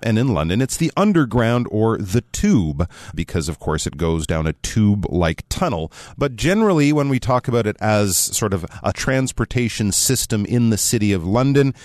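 A man co-hosting a radio English lesson, explaining phrases in an animated, explanatory way. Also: normal speed, no echo, studio quality. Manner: animated, explanatory, lively pitch swings. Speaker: English teacher co-host.

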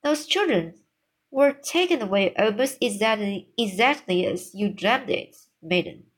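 Nervous stammering maid, voiced by a woman reader, shaky and slow. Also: medium pitch, animated, low-quality recording. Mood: anxious. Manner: stammering, quivering. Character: anxious flustered female maid, middle-aged.

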